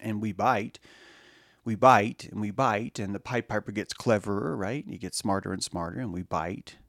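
A man hosting a show in a rambling monologue, restarting his sentences often and acting out quotes in high voices. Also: no echo, clean studio sound. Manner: animated, acts out quotes in high squeaky voices; repeats words, restarts often, addresses listeners. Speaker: podcast host.

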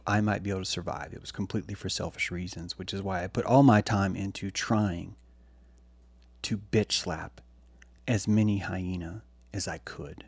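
Gravelly, blunt preachy man. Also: fairly low pitch, no room sound. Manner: blunt, profane and preachy, swings from loud to hushed. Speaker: streamer. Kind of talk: impassioned monologue.

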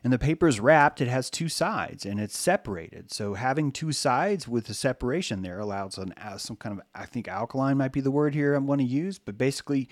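A man's voice: mid-range voice, lively intonation, a little fast, hardly any pauses, no room sound, clean studio sound. A man giving a loose, rambling spoken lecture, swearing freely and acting out the voices he quotes.

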